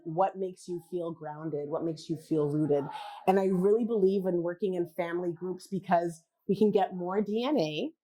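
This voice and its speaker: A woman giving a conversational talk at a wellness summit, animated, posing questions to the audience and acting out what other people say. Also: mid-range voice. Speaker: genealogy practitioner and speaker. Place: summit event.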